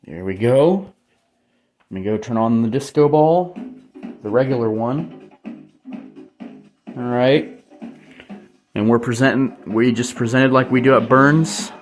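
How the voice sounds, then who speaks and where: A young hobby vlogger chats casually to his viewers indoors in a room lit by disco lights, speaking through the camera mic. His voice is medium-pitched with a measured pace and long pauses, and soft music plays in the background.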